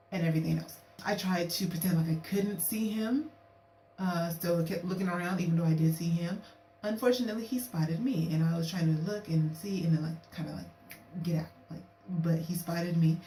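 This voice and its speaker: A young woman with a low, mellow voice tells a story to camera in a chatty, animated way, slipping into quoted lines. She sits a little way from the mic in a roomy, echoey space, with faint hiss behind her. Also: normal speed, recorded from a distance. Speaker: vlogger.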